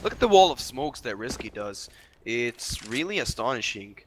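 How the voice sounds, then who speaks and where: A man calls an esports shooter match play-by-play, voice climbing when the action heats up. Game gunfire and clicks run loudly under his commentary on a noisy stream. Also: normal speed. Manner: excitable, rising pitch on big plays. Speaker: esports caster. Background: game sounds, gunfire.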